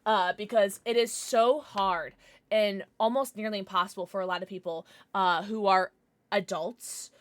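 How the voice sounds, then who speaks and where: A woman's voice: medium pitch, fairly even intonation, moderate pace, no echo. A young adult woman streaming live, chatting passionately with her chat and swearing freely.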